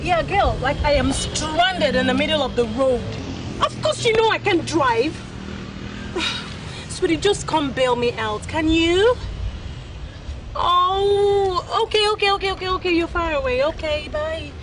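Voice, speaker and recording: An actress playing a wealthy, quick-tempered businesswoman who talks in a bossy, dramatic way. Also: high voice, animated, slight background noise. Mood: distressed. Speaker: boss. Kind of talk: web skit acting.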